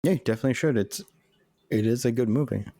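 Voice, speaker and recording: A man co-hosting a podcast in casual chat, playful and quick to agree. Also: medium pitch, mellow, no echo, clean studio sound. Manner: playful, gives short agreeing replies. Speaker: podcast co-host.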